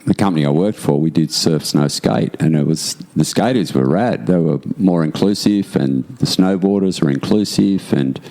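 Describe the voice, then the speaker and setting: Blunt, matey male co-host with a very deep, mellow voice. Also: moderate pace, gravelly, hardly any pauses. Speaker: guest co-host. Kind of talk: casual chat. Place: his home in Bali.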